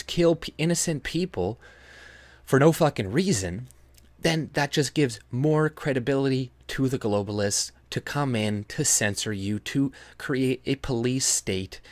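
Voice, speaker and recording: A man's voice: medium pitch, no echo. A man from Canada giving a heated, swearing video rant, breaking into scoffing laughs and mocking other people's voices. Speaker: political commentator. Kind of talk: ranting video commentary.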